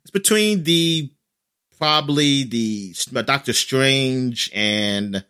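A man chats casually as he recaps a show, rambling and leaning on fillers. His voice sits at a middling pitch and has a bright, forceful edge, and he jumps up in pitch whenever he acts out a quoted line. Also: slow, smooth. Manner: rambling, filler-heavy, animated in quoted lines.

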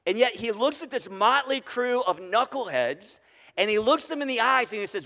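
Male pastor, high voice, conversational sermon with questions to the room, hall reverb. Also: animated, normal speed, pushed and bright. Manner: conversational, asks the congregation questions. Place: church sanctuary.

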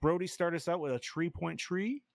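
A man hosting a casual movie-review podcast, excitable, swearing often and saying dude a lot. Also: fairly high pitch, moderate pace, gravelly, no room sound, clean studio sound. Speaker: podcast host.

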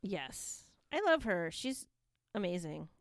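A woman co-hosts a podcast, chatting casually and enthusiastically to recap wrestling, with lots of fillers. Her voice is on the low side, sing-song, and slow-paced. The recording is dry with a clean studio sound.

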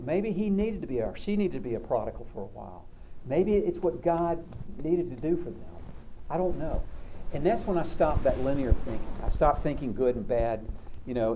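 Mellow-voiced man giving a church talk. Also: mid-range voice, slight background noise, rough recording. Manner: conversational, repeats words, storytelling. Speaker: Christian counselor giving a talk. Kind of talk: sermon-like talk.

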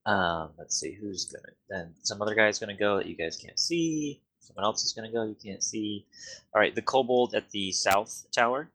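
Bright-voiced man running a tabletop game. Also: fairly low pitch, animated. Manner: narrating and ruling, with quick repeated corrections. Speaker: game master.

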